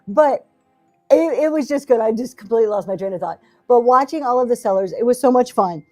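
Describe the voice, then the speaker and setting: Middle-aged woman host, mellow slightly high voice, rambling encouraging livestream chat, faint music behind. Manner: rambling, self-deprecating, encouraging, many fillers. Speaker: livestream seller and talk show host. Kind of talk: casual livestream chat to viewers. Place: home basement. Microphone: camera in front of her.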